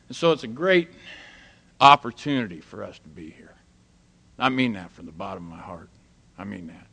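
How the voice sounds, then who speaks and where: A man's voice: on the low side, lively intonation, moderate pace, gravelly, pushed and bright, husky. An older man speaking plainly and folksily to a recovery meeting, telling stories and jokes. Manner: folksy, plain-spoken, tells jokes and quotes others. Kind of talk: storytelling talk to a live group.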